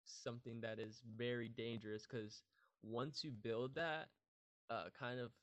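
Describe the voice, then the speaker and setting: A man's voice: mid-range voice, fairly even intonation, measured pace, fairly bright tone, dull audio. A young man speaking as a podcast guest in casual chat, candid and self-mocking, rambling loosely.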